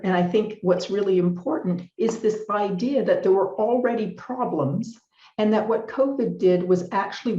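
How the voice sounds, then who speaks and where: Measured woman lecturing in an echoey hall. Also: lowish voice, mellow. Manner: measured, deliberate, stresses key words. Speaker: conference speaker. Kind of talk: formal lecture presentation with slides. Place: conference hall. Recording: roomy, slightly muffled hall recording.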